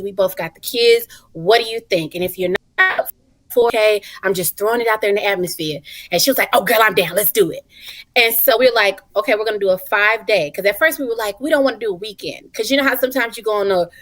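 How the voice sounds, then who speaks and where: A woman, a mother, chatting as a guest on a talk show, animated and expressive, laughing often and calling people honey and child. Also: mid-range voice, dry recording. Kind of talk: casual talk show conversation.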